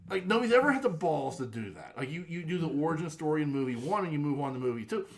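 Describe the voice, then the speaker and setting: Halting higher-voiced man chatting casually. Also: big pitch swings. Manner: halting, many repeated starts and fillers. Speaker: podcast co-host. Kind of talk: casual chat.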